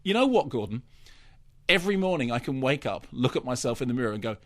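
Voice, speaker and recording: Animated man ranting in a film review. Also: medium pitch, fast talker. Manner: animated, ranting, mock-indignant. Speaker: film critic. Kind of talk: radio film review chat.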